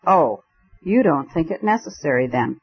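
A man reading the lines of a calm, eccentric gentleman who speaks with emphasis and deliberation, on a dull lo-fi recording. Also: fairly high pitch, normal speed, husky.

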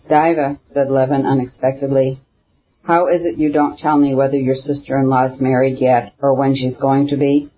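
A man narrating a classic novel as an audiobook, in a measured, even reading that keeps the characters' lines quiet. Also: medium pitch, lo-fi sound.

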